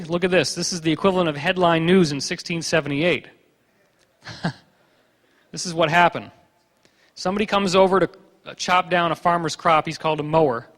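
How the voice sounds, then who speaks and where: A man giving a conference lecture with slides, a joking, sarcastic storyteller who acts out the people he quotes. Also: a little high. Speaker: conference speaker. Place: conference hall. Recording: long hall reverb.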